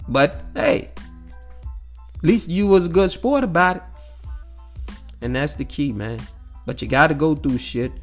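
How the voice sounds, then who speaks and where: Speaking a little slowly with long pauses, this man's voice sits on the high side while soft music plays behind him. He's a vlogger talking directly to his audience about life in a loose, profane way, animated yet repetitive, returning to familiar phrases and sprinkling in "you know what I'm saying."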